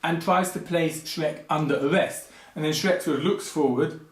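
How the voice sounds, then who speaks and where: A man hosting a film commentary video, talking casually and going off on digressive, animated rants with lots of asides. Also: fairly high pitch, normal speed, roomy sound.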